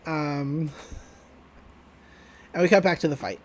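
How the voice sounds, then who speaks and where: A man with a fairly high voice talks through an anime episode in an easygoing, chatty podcast recap. He jokes, swears casually and laughs as he goes. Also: fairly even intonation, slow, a little hiss or hum. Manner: loose, joking retelling with laughs and swearing. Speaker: podcast co-host.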